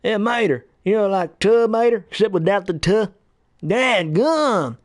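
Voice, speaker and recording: A man's voice: high-pitched, animated, measured pace, dry recording, clean studio sound, pitched above the performer's own voice. A man voicing a folksy, goofy cartoon tow truck with a twangy rustic drawl.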